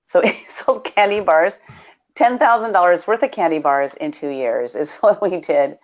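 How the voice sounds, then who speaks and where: A woman's voice: fairly low pitch, moderate pace. Bubbly woman co-host on muffled stream. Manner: bubbly, laughs while telling stories. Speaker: co-host of a live video show. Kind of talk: casual live-stream chat.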